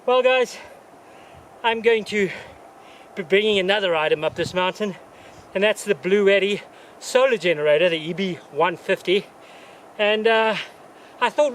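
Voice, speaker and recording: A man's voice: high voice, moderate pace, fairly bright tone, slight background noise. A man vlogging outdoors on a mountainside, casually reviewing gear in a folksy, joking, chatty way.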